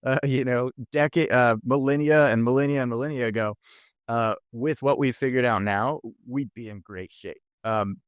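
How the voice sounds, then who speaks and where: A man's voice: mid-range voice, steady tone, normal speed, clear, resonant tone, dry recording, clean studio sound. A man speaking as a podcast guest, explaining ideas in an earnest, conversational way. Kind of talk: conversational interview.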